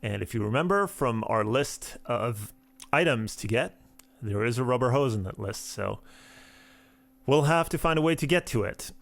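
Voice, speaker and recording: A man's voice: medium pitch, lively intonation, normal speed, vocal fry. A man hosting a let's play of a text game, reading the game text aloud and adding wry asides.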